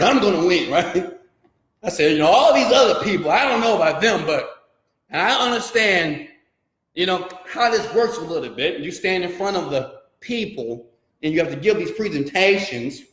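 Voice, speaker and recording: A man's voice: on the high side, reverberant. A man from Houston tells a dramatic personal story as a motivational speaker, acting out the dialogue and turning to the audience with direct questions. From Houston, Texas.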